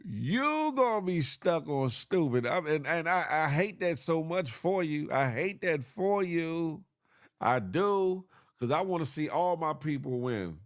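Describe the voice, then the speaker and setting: A man's voice: on the high side, sing-song, unhurried, dry recording, clean studio sound. A man hosting a casual morning livestream show, giving a repetitive, motivational rant full of slang and laughter.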